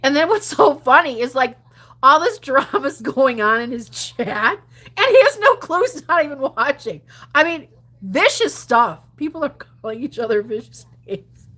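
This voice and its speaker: Answering viewer comments on a relaxed stream, this woman who streams gambling content talks at a moderate pace. She's chatty and quick to laugh, shifting between energetic outbursts and quiet whispers or mutters.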